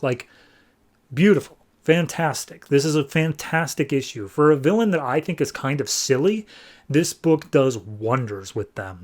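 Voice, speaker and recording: A man recapping and reviewing a comic book issue in a casual, enthusiastic way, with lots of "like" fillers. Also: medium pitch.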